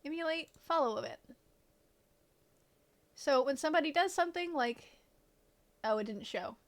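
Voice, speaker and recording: A woman's voice: sits high, expressive, moderate pace. A woman game streamer in casual live-stream chat, greeting viewers and swearing offhandedly.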